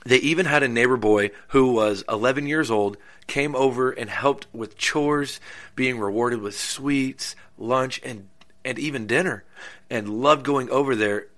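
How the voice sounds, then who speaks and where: Guy telling a spooky story casually, cracking crude jokes, bright voice. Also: medium pitch, unhurried. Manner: jokey, goofy asides and crude humor. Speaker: podcast host.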